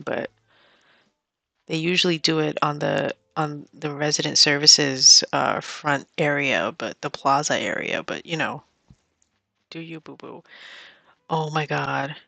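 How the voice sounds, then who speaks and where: A young adult woman streaming a cozy game, chatting casually and getting excitable as she plays. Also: sits low, vocal fry, dry recording. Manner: chatty, excitable, bursts into squeals and whispers. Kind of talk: casual gameplay commentary.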